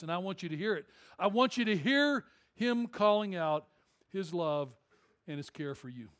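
A high-voiced male pastor, preaching to his congregation. He tells a story with jokes, then builds to emphatic, rising calls. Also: fairly bright tone, smooth. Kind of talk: sermon.

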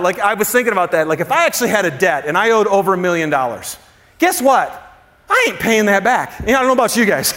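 A male pastor preaching a sermon in a loose, conversational way. He throws questions at the congregation, uses slang, and drops suddenly to a hush. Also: high-pitched.

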